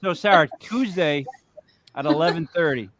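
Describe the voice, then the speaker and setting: A man's voice: fairly high pitch, moderate pace. Joking male host, rambling banter, crowd noise in the background. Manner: joking, rambling, drinking beer. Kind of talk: casual chat reviewing clips.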